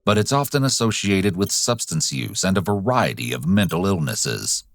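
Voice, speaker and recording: A man with a very deep voice delivers a scripted narration in a measured, analytical tone. The sound is close and dry, with no room around it. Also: lively intonation, gravelly, no echo. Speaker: narrator analysing body language.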